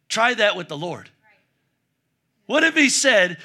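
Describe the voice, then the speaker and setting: A man's voice: high voice, big pitch swings, slow, long pauses, bright, forceful tone. A man preaching a sermon as pastor, driving points home with emphatic repetition.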